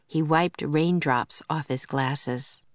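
A woman narrating a children's storybook in a gentle, steady way. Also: low-pitched, slow, dry recording.

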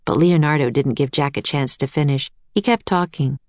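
A woman narrating a children's chapter book in clear, even storytelling. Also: low voice, moderate pace, dry recording.

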